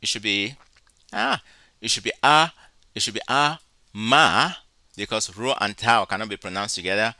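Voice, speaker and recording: A man with a sharp, bright voice gives a recorded lesson. He speaks slowly and deliberately, sounding out syllables one at a time, in a dry, close recording. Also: lowish voice, lively intonation, no room sound. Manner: slow, deliberate, spells out syllables. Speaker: Greek teacher. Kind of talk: recorded lecture.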